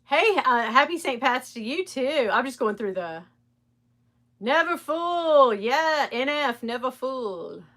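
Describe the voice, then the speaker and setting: A chatty middle-aged woman hosts a live stream in a bright, forceful, slightly high voice. She speaks candidly and swears freely, laughing often as she talks straight to her viewers. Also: expressive, measured pace, hardly any pauses. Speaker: live stream host reselling designer bags. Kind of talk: casual live stream chat.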